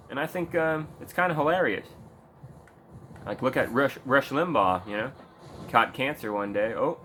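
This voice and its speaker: A man's voice: mid-range voice, fairly bright tone, a little hiss or hum. A man ranting in a casual commentary video, heated and sarcastic, swearing often. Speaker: video creator.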